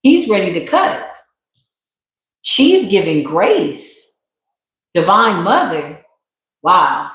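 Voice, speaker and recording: A woman giving a live tarot reading, talking to viewers in an animated, emphatic way. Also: lowish voice, drawn-out words, pauses often. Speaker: tarot reader. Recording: roomy echo.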